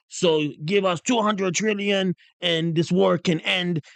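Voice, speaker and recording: A man's voice: on the high side, vocal fry, dry recording, pitched above the performer's own voice. A man putting on a wheedling Russian-accented foreign leader. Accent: put-on Russian. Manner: halting, pleading, repeats himself. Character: mocking impression of a demanding male foreign leader.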